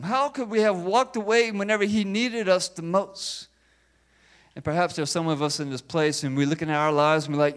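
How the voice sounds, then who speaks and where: A man preaching a sermon in a high voice. He presses his points with rhetorical questions again and again. The delivery is emphatic and direct. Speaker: pastor.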